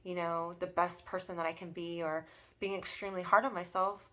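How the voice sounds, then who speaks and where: A woman's voice: fairly low pitch, little pitch movement, fairly quick, bright, forceful tone. A woman in her thirties talking earnestly and emotionally about personal healing, with many fillers. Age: 30s. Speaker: spiritual vlogger. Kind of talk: personal reflective monologue.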